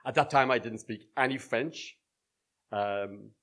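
A man's voice: medium pitch, unhurried, fairly bright tone. A middle-aged man telling a true personal story live on stage to an audience, with dry, wry humour. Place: small live venue with audience.

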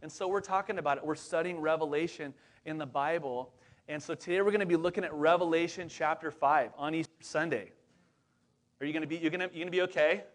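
Chatty high-voiced male pastor. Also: fast. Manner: chatty and upbeat, full of fillers and asides to the congregation. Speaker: lead pastor. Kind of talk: casual conversational sermon.

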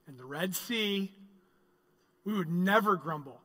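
A pastor delivering a sermon, moving between loud, emphatic stretches and quiet, reflective ones. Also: male voice, high-pitched, animated, normal speed, in a large hall. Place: church sanctuary.

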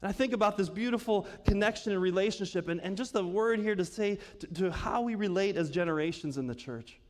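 A pastor with a high, brisk voice preaches a conversational sermon in a church sanctuary. He asks the congregation questions and laughs often, and the church hall adds a long reverb.

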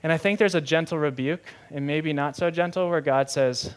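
A young man preaching a sermon in a lively, conversational way, often asking the audience questions. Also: fairly high pitch, normal speed. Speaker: pastor.

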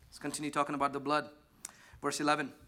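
A man preaching a sermon, emphatic, swinging between loud declarations and hushed asides while questioning the congregation. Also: on the high side, completely flat delivery, quick pace. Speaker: pastor.

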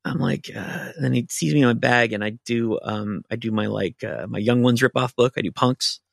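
A man's voice: medium pitch, moderate pace, gravelly, dry recording, clean studio sound. A man, a writer, telling a long casual anecdote on a podcast, full of fillers and restarts. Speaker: writer guest.

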